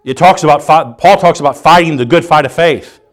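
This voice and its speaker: A middle-aged male pastor preaching a sermon, acting out scenes with rising, near-shouting emphasis. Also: fairly high pitch, fairly quick.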